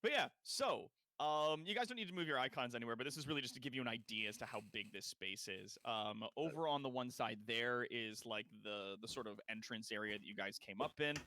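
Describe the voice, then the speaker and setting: A man's voice: mid-range voice, fairly quick, hardly any pauses, sharp tone, dry recording. Rambling game master man, dry sound. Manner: rambling with frequent fillers. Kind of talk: narrating a tabletop game.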